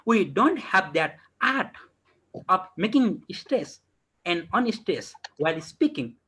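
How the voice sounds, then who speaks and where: A man teaches an online class on English poetry, his voice breathy and lively in pitch as it rises and drops. He poses questions and answers them himself, repeating key words for emphasis over a video call. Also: slow, poor audio.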